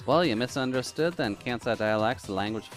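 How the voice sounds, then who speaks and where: A man's voice: medium pitch, lively intonation, brisk, soft background music, pitched above the performer's own voice, close to an everyday voice. A man voicing a brash male blogger in a put-on Southern drawl, folksy and defensive. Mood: insistent. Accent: put-on American Southern drawl.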